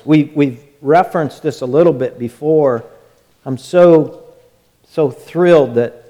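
A man's voice: medium pitch, dark tone. A man preaching a sermon as pastor, emphatic and drawn out, often repeating words. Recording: echoey church hall.

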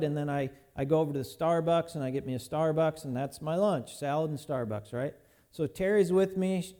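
Middle-aged guy preaching, folksy stories, higher voice, warm mellow tone. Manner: storytelling, folksy, slows to stress points. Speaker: pastor. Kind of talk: sermon.

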